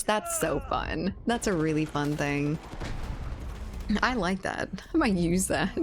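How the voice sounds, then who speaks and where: A woman's voice: fairly low pitch, a little hiss or hum. A woman streamer chatting casually with her viewers, swearing freely and laughing often.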